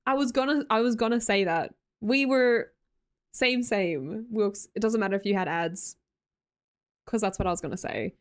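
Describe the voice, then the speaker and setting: A woman's voice: medium pitch, normal speed. A young Australian woman live streamer chatting casually with her viewers, reading their messages aloud, laughing often and swearing freely.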